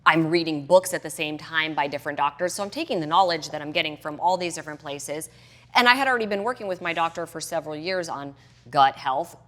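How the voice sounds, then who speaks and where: In a casual podcast interview, a middle-aged fitness and hormone health coach chats as the guest, acting out her own earlier reactions with animation. She talks fast in a low-sitting voice.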